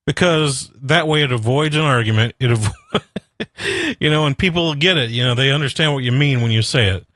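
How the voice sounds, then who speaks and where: A man's voice: medium pitch, sing-song, normal speed, fairly bright tone. Blunt rambling radio host, man. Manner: rambling, blunt and profane, laughs at himself. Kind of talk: casual solo radio rant and chat.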